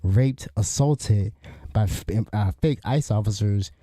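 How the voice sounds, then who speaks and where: Indignant rambling man, dark voice. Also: lowish voice, slow pace, no room sound, studio quality. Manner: rambling, indignant, restarts often. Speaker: podcast host. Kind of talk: casual spoken commentary.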